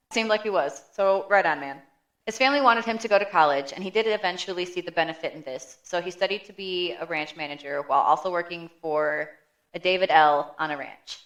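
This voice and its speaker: A woman co-hosting a podcast, narrating a prepared story in a steady manner with dry quips. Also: lowish voice, a little fast, highs cut off. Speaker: podcast co-host. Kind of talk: reading scripted narration.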